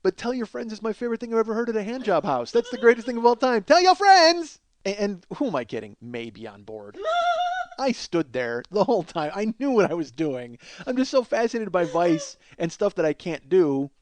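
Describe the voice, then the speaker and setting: High-voiced man rambling through a comic story. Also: sing-song, quick pace, hardly any pauses, a little mellow, dry recording. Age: 40s. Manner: rambling, profane, self-mocking storytelling with restarts. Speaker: comedy podcast host.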